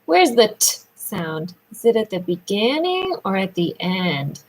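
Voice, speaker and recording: A woman speech therapist leading a children's sound lesson, praising often and drawing out words slowly in a sing-song way. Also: medium pitch, sing-song, rough recording.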